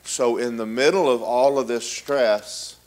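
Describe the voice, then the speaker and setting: A man's voice: medium pitch, steady tone, measured pace, a little mellow. A male pastor adding his own story to the congregation in a plain, matter-of-fact way. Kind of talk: sermon.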